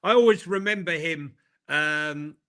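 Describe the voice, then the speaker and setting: Bright-voiced male co-host. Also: on the high side, a little slow. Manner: relaxed, thinking aloud with fillers. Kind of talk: casual livestream chat.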